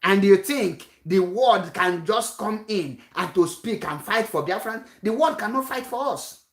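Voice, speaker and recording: A woman's voice: medium pitch, expressive, unhurried, roomy sound. A woman giving a rousing political speech, full of rhetorical questions and repetition. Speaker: activist speaker.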